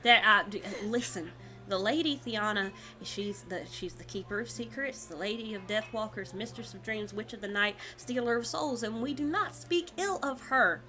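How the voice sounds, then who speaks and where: A sulky, burly teacher, put on by a woman running the game, grumbles that everything has gone wrong. The voice stays bright and forceful, a little high, with soft music under it. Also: animated, a little slow. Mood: ominous. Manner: grumbling, fed-up complaining. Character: burly angry middle-aged male teacher.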